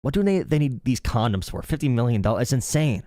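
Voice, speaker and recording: A man putting on the voice of a dim, excitable male podcaster who rants in disbelief. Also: mid-range voice, quick pace, dry recording, voice pushed up, lightly acted. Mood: incredulous. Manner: breathless, dude-heavy gullible rant.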